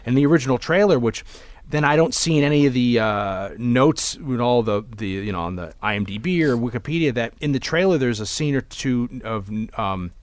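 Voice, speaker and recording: A man co-hosting a film podcast in casual chat. He rambles with animated energy and keeps restarting his sentences. He sits close to a dry mic in a dead room. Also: medium pitch, fairly quick, no echo. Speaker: podcast co-host. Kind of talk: casual movie discussion.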